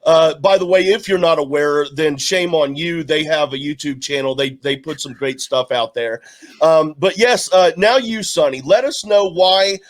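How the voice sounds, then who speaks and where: Halting male interview host. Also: fairly high pitch. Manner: halting, stammering. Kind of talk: casual interview.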